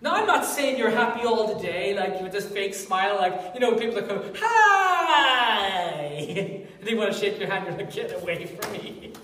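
A man preaching a sermon in a jokey, animated way, swelling loud at times. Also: high-pitched, fast, a little hiss or hum. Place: church hall. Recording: echoey hall from far off.

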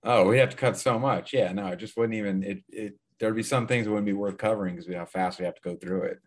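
Low-voiced easygoing male co-host. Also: quick pace. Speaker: podcast co-host. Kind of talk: casual podcast chat.

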